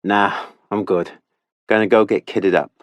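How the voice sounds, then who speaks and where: A man doing a big, easygoing Australian hockey goalie, relaxed and chatty, his low voice sitting dry and close. The Australian accent carries a loose, friendly drawl in this audiobook scene. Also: measured pace, no room sound, lightly acted.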